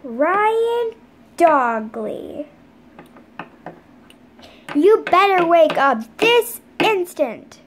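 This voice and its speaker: A stern pet mother scolds her daughter out of bed, high-pitched and insistent, voiced by a woman. It is a home-made toy pet play. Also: very animated, drawn-out words, long pauses, a little hiss or hum, heavily acted.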